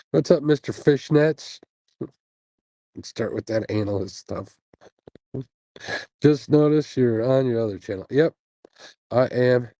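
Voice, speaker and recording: A laid-back man chats through a casual livestream with a mellow, warm voice. He sounds sleepy and easygoing, with fillers and small laughs. The sound is dry and close, through an earbud mic. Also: medium pitch, takes it slowly, pauses often, no room sound, low-quality recording. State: sleepy, yawning after a night without sleep. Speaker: host of a fishing channel, livestreaming. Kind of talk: casual livestream chat, reading viewer comments. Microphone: earbuds mic on a phone stream.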